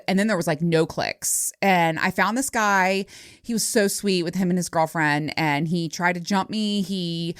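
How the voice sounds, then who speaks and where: A woman in her early forties hosts her own podcast and tells stories in a loose, unfiltered way. She swears constantly and laughs between lines. Her voice sits on the lower side and sounds dry and close, with no room echo. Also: normal speed. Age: 40s. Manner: laughing, profane, animated storytelling. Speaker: podcast host. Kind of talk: casual solo storytelling.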